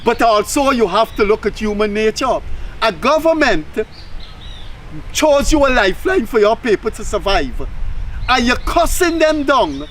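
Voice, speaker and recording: Guyanese male host, high-pitched, blunt and scolding, hiss of faint noise. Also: sing-song, measured pace, fairly bright tone. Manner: blunt, scolding, acts out quoted voices. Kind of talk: casual political talk show.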